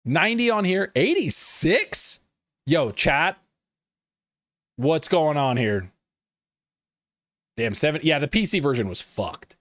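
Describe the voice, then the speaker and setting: A man's voice: fairly high pitch, a little slow, pauses often, dry recording, clean studio sound. A man hosting a live gaming news stream, talking casually with lots of swearing and riffing with his chat. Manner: profane, animated, riffs and laughs at chat.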